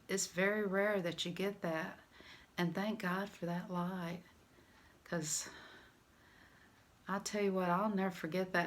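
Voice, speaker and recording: Older Southern woman, vlogger, emotional rambling storyteller with a bright, sharp tone. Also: lowish voice. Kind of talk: personal story, casual vlog.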